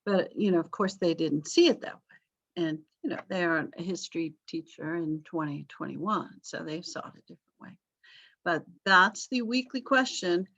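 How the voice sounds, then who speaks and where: A woman's voice: fairly low pitch, animated, normal speed, a bit bright. A middle-aged woman history teacher giving an online class lecture over a video call, chatty and informal with asides and fillers.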